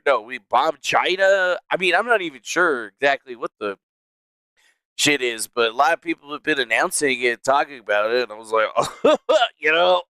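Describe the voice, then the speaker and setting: A man hosts a live stream from a small room at home in a somewhat high, bright voice. His tone is crisp and close, with a dry sound. He rambles and swears, with laughter breaking in often. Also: no room sound. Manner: rambling, profane, laughs a lot. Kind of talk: casual live-stream chat.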